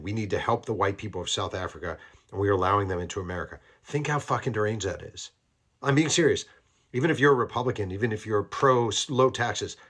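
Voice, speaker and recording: Deep husky male commentator, heated profane rant. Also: fairly bright tone. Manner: angry, profane, emphatic. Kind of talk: ranting commentary.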